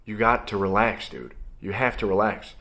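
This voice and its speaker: A man's voice: on the low side, steady tone, normal speed, fairly bright tone. A young man giving a blunt, emphatic motivational monologue as host of his own video channel, coaching listeners directly.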